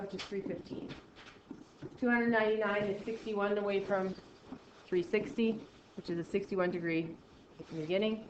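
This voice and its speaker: A woman's voice: mid-range voice, noisy background. Math teacher woman in an echoey classroom. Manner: brisk and encouraging, addressing students directly. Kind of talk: classroom lesson. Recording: muffled roomy classroom recording.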